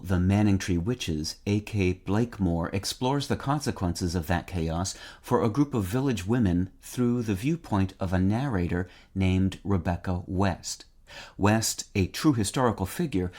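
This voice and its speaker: A man with a very low voice reads a short dictionary script. His delivery is measured and precise, and he spells out each word letter by letter. He sounds middle-aged and steady. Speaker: word-of-the-day host. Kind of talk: scripted dictionary podcast reading.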